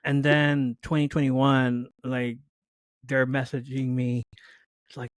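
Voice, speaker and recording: Animated, swearing male podcast co-host. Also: mid-range voice, takes it slowly, no room sound. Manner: animated storytelling, acts out quoted friends, swears. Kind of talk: casual chat.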